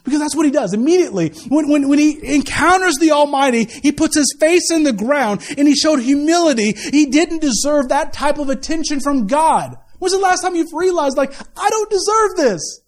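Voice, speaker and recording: Male pastor, high-pitched, preaching an animated sermon with humorous asides. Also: fairly quick, hardly any pauses. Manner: animated preaching with asides and laughter, swinging from loud to quiet.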